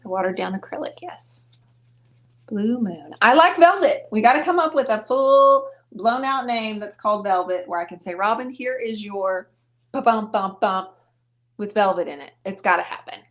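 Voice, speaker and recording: A woman's voice: mid-range voice, expressive, moderate pace, a bit bright. A woman hosting a live painting show, chatting playfully and explaining her steps as she works. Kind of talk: casual live painting chat. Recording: echoey room.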